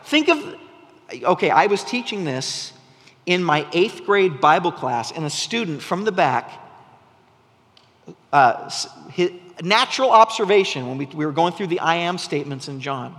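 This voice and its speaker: A male pastor delivers a sermon in a high voice. His tone is bright and forceful, and he talks in a chatty, storytelling way that keeps doubling back mid-sentence. A long reverb from the church hall trails after his words. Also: big pitch swings, moderate pace. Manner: conversational, storytelling preacher with frequent restarts. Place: church sanctuary.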